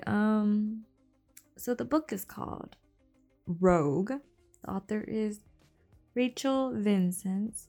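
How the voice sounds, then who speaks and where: A woman's voice: medium pitch, creaky. A woman reading a romance novel aloud for her podcast, laughing often and breaking off for chatty asides, sometimes dropping to a whisper. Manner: giggly, breaks off to comment and laugh; drops to a whisper for hushed passages. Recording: soft background music under the voice.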